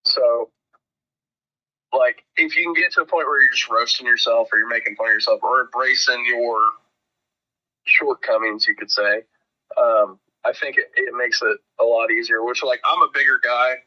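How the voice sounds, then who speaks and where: A man's voice: mid-range voice, steady tone, moderate pace. A man telling a rambling, profane road story as a guest in a casual podcast chat. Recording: dull lo-fi sound.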